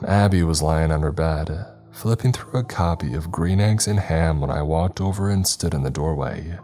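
A man narrates a scripted horror story in a deep, unhurried voice. His tone is mellow and dark, calm and measured, with faint music running underneath. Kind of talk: scripted first-person narration. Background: faint background music.

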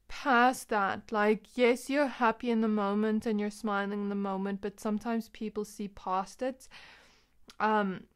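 A woman's voice: on the high side, clear, resonant tone. A young woman giving a pick-a-card tarot reading, talking in a loose, rambling way with many fillers. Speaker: tarot reader.

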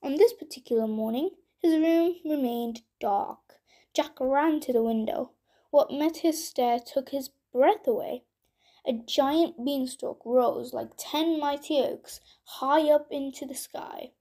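Woman storyteller, high mellow voice, slow bedtime reading.

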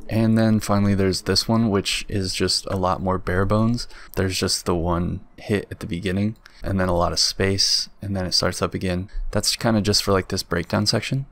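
With faint music underneath, a young man who produces beats gives a casual tutorial on making one, rambling easily and leaning on filler words. His voice is low-pitched and fairly bright, with fairly even intonation, a moderate pace, and almost no pauses.

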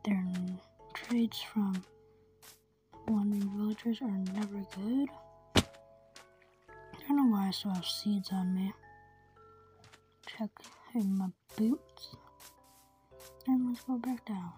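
A woman talks through her gameplay in a soft, frequently whispered voice, rambling to herself at an unhurried, slow pace. Her pitch sits in a middle range, and faint music plays underneath. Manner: soft, half-whispered, rambling self-talk. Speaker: gameplay commentator.

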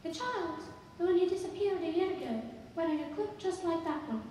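A woman's voice: very high voice, lively intonation, a little fast, a little mellow, slight background noise, voice pushed up. A woman voicing a somber woman from a shop, in a raised, questioning tone. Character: startled woman shopkeeper, somber. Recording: echoey hall from far off, faint ambience.

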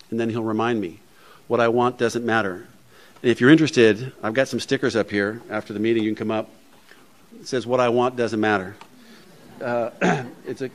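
A man speaking to a recovery meeting in a plainspoken, humorous, conversational way, often saying "you know". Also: mid-range voice. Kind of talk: speech to a meeting. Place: meeting room before an audience.

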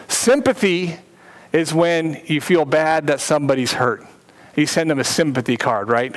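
A man with a notably high voice preaches a sermon to his congregation. He drives home repeated phrases with rising intensity, then slips into a relaxed, chatty aside. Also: rough recording. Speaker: pastor.

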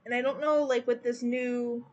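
A woman's voice: fairly high pitch, steady tone, normal speed, a little mellow, muffled recording. A woman artist chatting casually while streaming her drawing, rambling and opinionated, full of "like" and "you know". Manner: rambling and opinionated, heavy use of "like". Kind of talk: casual livestream chat.

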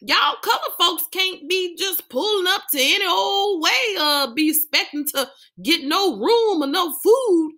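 A woman's voice: very high-pitched, lively intonation, measured pace, few pauses, bright, forceful tone, pitched above the performer's own voice, full character voice. A woman reading an audiobook, voicing a father who puts on an exaggerated mock Southern accent to tease his kids. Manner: teasing drawl, exaggerated.

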